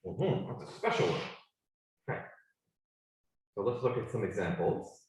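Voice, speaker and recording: Man, English teacher, slow careful delivery, voice swooping up and down, echoey room. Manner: slow, deliberate speech with lively pitch swings. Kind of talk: classroom lesson. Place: classroom. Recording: echoey classroom sound.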